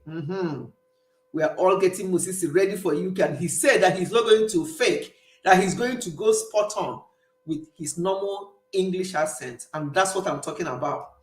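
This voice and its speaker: A Nigerian woman hosting a casual live stream, chatting and answering her viewers' comments as they arrive, with a warm Nigerian accent and frequent bursts of laughter. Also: on the low side. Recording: roomy echo.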